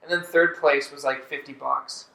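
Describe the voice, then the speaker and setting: A Canadian man, a podcast guest, telling a story with animated energy and laughing often as he talks. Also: mid-range voice, normal speed, gravelly, reverberant, poor audio. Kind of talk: casual storytelling. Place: podcast studio.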